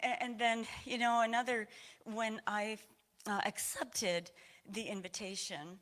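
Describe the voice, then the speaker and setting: A woman's voice: fairly high pitch, little pitch movement, measured pace, a bit bright. A woman from Aroostook County, Maine, sharing a personal testimony at a church service in a meandering, conversational way, audibly emotional.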